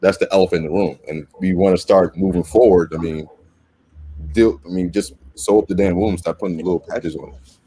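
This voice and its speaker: A man's voice: sits low, fairly even intonation, fairly quick, mellow, husky. A man arguing his point in a casual discussion, emphatic and swearing freely. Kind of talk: casual debate chat.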